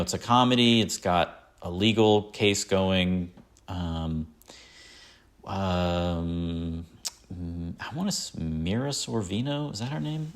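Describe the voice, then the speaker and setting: A man hosting a podcast, chatting casually in a rambling way, with many fillers and self-corrections. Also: deep voice. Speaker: podcast host. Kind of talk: casual chat.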